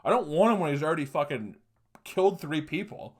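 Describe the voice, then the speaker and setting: A man's voice: on the high side, very animated, brisk, husky. A young man hosting a podcast, telling a personal story in a casual, profane way, laughing often and quoting others. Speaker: podcast host.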